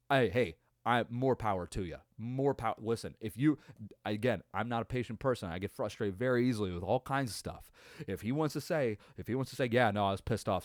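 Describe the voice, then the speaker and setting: A man's voice: medium pitch, a little mellow, no room sound, studio quality. A man hosting a podcast, reacting to a game in a casual, profane, rambling rant full of exasperation. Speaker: podcast host.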